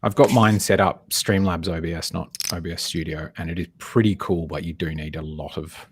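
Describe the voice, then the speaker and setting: A man's voice: low voice, fairly even intonation, fairly quick, husky. A man playing online poker, chatting casually in a rambling, self-correcting way. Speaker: poker player.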